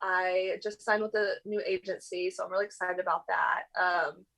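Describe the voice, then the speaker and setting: A woman's voice: on the low side, little pitch movement, moderate pace, gravelly, a bit bright, low-quality recording. A young adult woman, a guest actress, chatting casually in an interview with lots of fillers and laughs.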